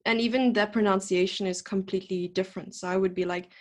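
A young woman with a South African accent talks in a loose, rambling podcast chat. She giggles easily and pokes fun at herself, her pitch sitting in the middle of a woman's range. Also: steady tone, fast, a little mellow. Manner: giggly, rambling, self-deprecating. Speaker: chess coach, podcast guest.

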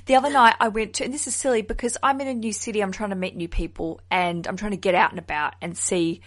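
A woman hosting a podcast in casual chat, animated and quick to laugh at herself. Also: medium pitch. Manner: animated, laughs often, self-deprecating. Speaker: podcast host.

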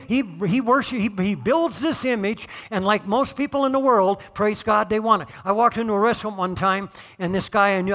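Casting: middle-aged male pastor, high bright voice, chatty sermon with loud peaks. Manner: conversational, joking, swells to shouting on key points.

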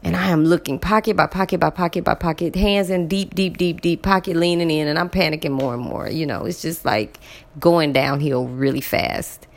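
A woman telling a personal story to her viewers in a casual, animated way, repeating words for emphasis. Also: sits low, normal speed, gravelly. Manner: addresses viewers directly.

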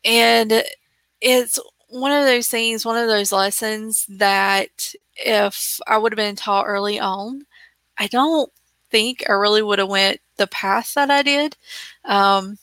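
A woman host talking unhurriedly, with a bright, forward voice. She reflects as she speaks. The recording is dry and close. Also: medium pitch, fairly even intonation, slow, no echo. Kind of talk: conversational chat.

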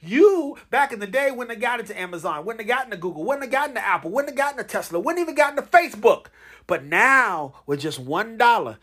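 Young guy hosting his podcast, super animated, voice all over the place, joking and chanting with listeners. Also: high-pitched, husky. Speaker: podcast host. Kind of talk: casual podcast announcements.

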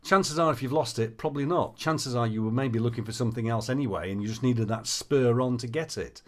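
A man's voice: medium pitch, fairly quick. A man with a mid-range voice speaks as a coach, sharing anecdotes and practical advice. He talks animatedly and acts out the conversations he quotes, with an easy conversational flow.

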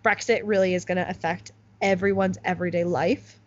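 A woman's voice: lowish voice, steady tone, a little fast. A young woman from the United States hosting a podcast in casual chat, with lots of "like" fillers. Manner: chatty, full of "like" fillers. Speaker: podcast host. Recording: slightly muffled podcast recording.

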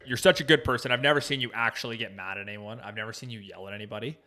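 A man's voice: on the low side, racing, bright, forceful tone. A man co-hosting a podcast in casual chat, throwing in short quips and reactions. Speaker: podcast co-host.

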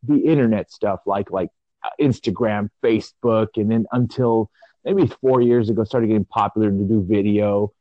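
A man in his forties co-hosts a casual audio chat. He muses out loud, rambling and reflective, and drags his phrases into long pauses. The sound is dull and lo-fi, recorded close and dry. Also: lowish voice, no echo. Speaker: podcast co-host.

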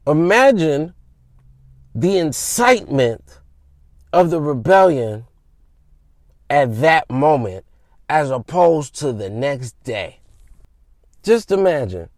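A man's voice: a little high, big pitch swings, slow pace, pauses often, no room sound. A man hosting a podcast, telling history in a casual, slangy, conversational way. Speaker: podcast host. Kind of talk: informal history storytelling.

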